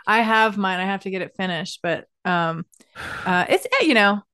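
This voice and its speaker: A woman hosting a casual podcast interview, relaxed and encouraging, laughing often. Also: mid-range voice, moderate pace, smooth, dry recording, studio quality. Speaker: podcast host. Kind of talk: casual chat.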